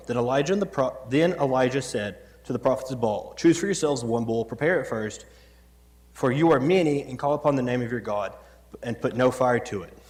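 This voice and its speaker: A man preaches in a church, moving between reading scripture and chatty, joking asides. His voice sits at a middling pitch. A long reverb trails off the hall around him. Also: a little mellow. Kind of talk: sermon. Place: church sanctuary.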